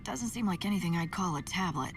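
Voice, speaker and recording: A woman's voice: fairly low pitch, lively intonation, fairly quick, recorded from a distance, over music. An actress voicing a stern, terse woman warrior in a video game, with a clipped, serious delivery.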